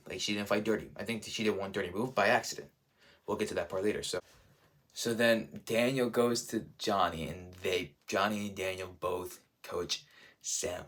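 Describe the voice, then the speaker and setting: Excitable young-sounding man rambling casually. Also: lowish voice. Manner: enthusiastic, rambling, heavy use of "like", "dude" and "bro". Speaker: reviewer.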